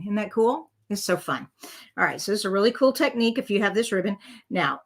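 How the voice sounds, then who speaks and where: A chatty woman talks through a live crafting demo, mid-pitched and easygoing. She narrates her own hands as she works, dropping fillers and little asides to viewers. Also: a bit bright. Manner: chatty, self-talking while working, frequent fillers. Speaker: craft demonstrator.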